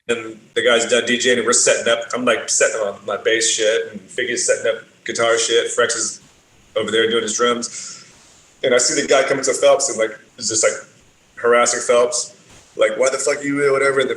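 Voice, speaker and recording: In a roomy recording with faint ambient noise, a man guesting on a podcast tells casual stories with a medium-pitched, slightly bright voice. His manner is easygoing, with frequent swearing and plenty of fillers.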